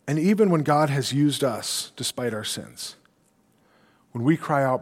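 A man's voice: medium pitch, animated, a little slow, long pauses, long reverb tail. A male pastor delivering an earnest sermon, quoting scripture and asking rhetorical questions.

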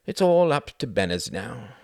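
A man's voice: mid-range voice, big pitch swings, measured pace, creaky, a little mellow, no room sound, studio quality, pitched above the performer's own voice, heavily acted. A man reading the part of a weary, cynical older aristocratic diplomat with a sardonic drawl.

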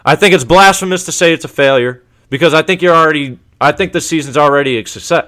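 A man's voice: mid-range voice, fast. A man giving a casual, emphatic sports commentary monologue as a show host, full of rhetorical questions and repetition. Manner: animated, emphatic, repeats himself, rhetorical questions.

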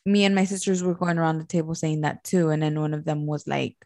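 A young woman and new mother co-hosting a casual chat podcast, relaxed and rambling as she tells stories. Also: sits low, quick pace, no room sound, studio quality. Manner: relaxed, rambling, warm storytelling with fillers. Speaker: podcast co-host.

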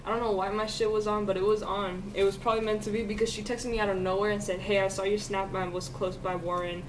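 A young woman hosting a casual chat podcast, telling animated stories, laughing often and swearing freely. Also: medium pitch, fast talker, distant mic, a little hiss or hum. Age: young adult. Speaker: podcast host.

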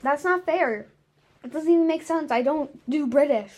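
A woman's voice: sits high, moderate pace, darkish tone. A young woman in casual chat, playful and goofy, asking quiz questions. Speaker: quiz asker.

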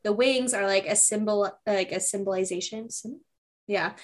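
A woman's voice: mid-range voice, normal speed. A young woman co-hosting a book podcast, gushing emotionally as she retells the plot, with many "um"s and "like"s. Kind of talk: casual chat and book summary.

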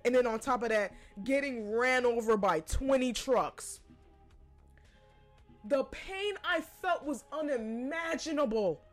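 A woman's voice: sits high, slow pace, soft background music. A woman hosting a podcast, telling a personal story in a casual, profane way and laughing between lines. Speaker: podcast host.

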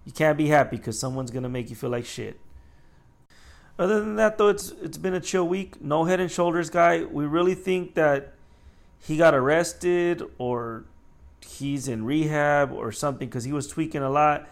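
A young adult man, a store manager, casually telling work stories in an animated way, acting out the people he quotes with a raised voice and swearing freely. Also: a little high, moderate pace, gravelly. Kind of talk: casual storytelling vlog.

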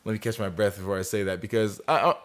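A man's voice: lowish voice, fast talker. A man co-hosting a podcast, telling a story in casual chat, swearing a lot and acting out the people he quotes. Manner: animated, swears a lot, acts out quoted voices. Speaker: podcast co-host.

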